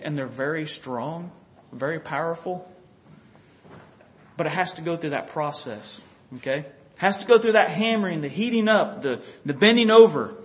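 A man's voice: high voice, lo-fi sound. A man preaching a folksy, conversational sermon who often chuckles and talks straight to his listeners.

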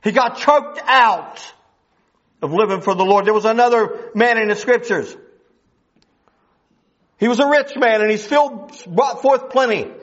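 A man's voice: very high-pitched, a bit bright. A man preaching a sermon, emphatic and full of rhetorical questions, on a dull lo-fi recording.

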